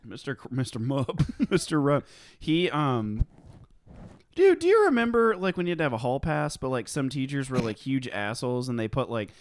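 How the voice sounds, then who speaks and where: A man's voice: big pitch swings, moderate pace, no echo. Rambling young man on a podcast. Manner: rambling, laughs often, jumps into high mocking voices. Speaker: podcast co-host. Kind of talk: casual comedic chat.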